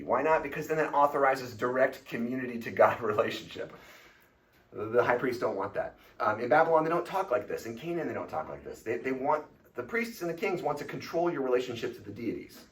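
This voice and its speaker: A man giving a lively, informal lecture at a church, with casual fillers and quick asides. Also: mid-range voice, far from the mic, rough recording. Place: church hall.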